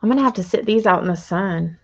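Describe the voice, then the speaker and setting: An American woman co-hosting a craft stream, chatting casually and making dry, unhurried remarks. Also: mid-range voice, lo-fi sound. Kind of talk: casual chat while crafting.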